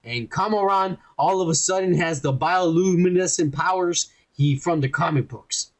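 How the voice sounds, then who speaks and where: A man with a fairly high voice talking casually on a podcast. He rambles and swears his way through a story, slipping into quick voices for each character. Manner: profane, rambling, animated retelling with quoted voices. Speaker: podcast host reviewing a TV episode.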